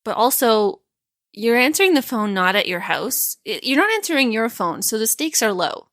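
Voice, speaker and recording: A woman's voice: a little high, very animated, normal speed, a bit bright, no echo, studio quality. A woman co-hosting a podcast in casual chat, teasing and laughing often. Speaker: podcast co-host.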